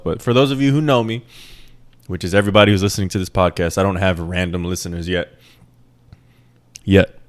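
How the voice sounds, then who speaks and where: Young male podcast host, flat Midwestern accent, slightly low voice, loose rambling delivery with plenty of swearing. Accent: plain Midwestern American. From American Midwest. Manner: rambling, self-deprecating, swears freely. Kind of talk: casual solo podcast chat.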